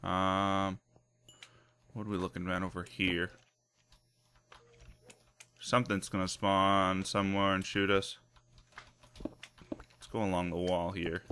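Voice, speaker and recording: Bright-voiced excitable let's play man. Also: low-pitched, slow, pauses often, clear, resonant tone. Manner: excitable, self-mocking, laughs often. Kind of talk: casual gameplay commentary.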